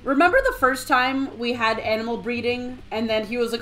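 A woman streaming a video game, chatting casually with playful giggles and bursts of excitement. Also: on the high side, brisk, faint music behind. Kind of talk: casual let's-play commentary.

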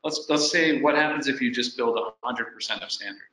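Mid-pitched man with a bright tone, talking through shop questions in a roomy echo. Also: a little fast. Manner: asks practical what-if questions from a shop owner's view. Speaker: webinar co-host. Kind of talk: business webinar discussion.

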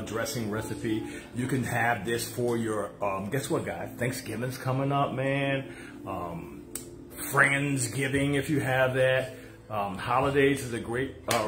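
A man hosting a casual cooking livestream from his home kitchen, joking and chatting with viewers. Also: medium pitch. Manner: joking, chatty, playful, drawn-out asides to viewers. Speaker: cooking show host. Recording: echoey kitchen with music behind.

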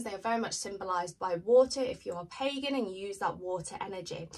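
A woman giving a pick-a-card tarot reading, chatting in a gently reassuring way. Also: a little high, recorded from a distance, poor audio. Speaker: tarot reader.

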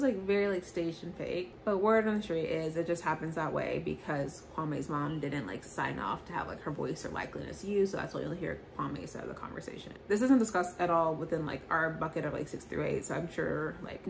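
A young adult woman giving a chatty, animated recap of a reality dating show, peppering her talk with "like". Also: deep voice, creaky, a little hiss or hum. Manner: chatty, animated quoting with frequent "like". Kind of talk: casual recap commentary. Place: apartment in New York.

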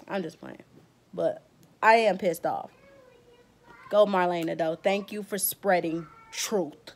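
A woman's voice: medium pitch, measured pace, pauses often, a little mellow. A woman beauty vlogger giving a blunt, emotional rant in casual slang, close to tears. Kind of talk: heated vlog rant.

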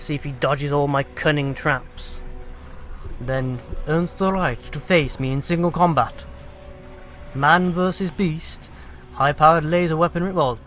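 A man's voice: on the high side, a bit bright. Sweary British man taunting game monsters. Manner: sarcastic, sweary, taunting the game's enemies. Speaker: let's play gamer. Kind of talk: let's play commentary.

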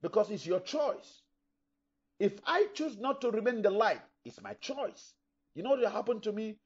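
A middle-aged male pastor delivers an emphatic sermon, voicing the objections of imagined listeners as he goes. His voice sits a little high for a man. The recording is dull and lo-fi. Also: animated, moderate pace, slightly rough.

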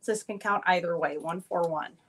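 A woman's voice: on the low side, fairly quick, a bit bright. A chatty, upbeat woman hosting a live jewelry sale, showing pieces and greeting viewers by name. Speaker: live-stream jewelry seller. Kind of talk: casual live-sale chat.

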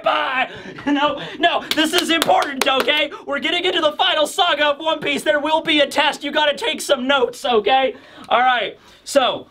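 A man's voice: extremely high pitch, bright, forceful tone. A man hosting a manga review who talks in an emphatic, insistent, joking way. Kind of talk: casual commentary video.

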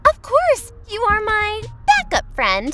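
A woman voicing a snobby, boastful teenage girl bully in an animated story. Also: extremely high pitch, unhurried, pitched above the performer's own voice, heavily acted. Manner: condescending, boastful. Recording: faint music underneath.

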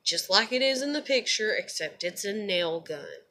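A woman's voice: medium pitch, expressive, moderate pace, sharp tone. A woman vents in a blunt, profane, rambling monologue, often repeating words as she talks to her viewers. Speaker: vlogger. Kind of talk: casual venting monologue to camera.

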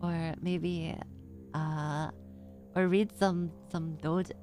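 Excitable woman streamer, slow talk. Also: fairly low pitch, soft background music. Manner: excitable, swearing, frequent laughter. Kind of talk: live gameplay commentary.

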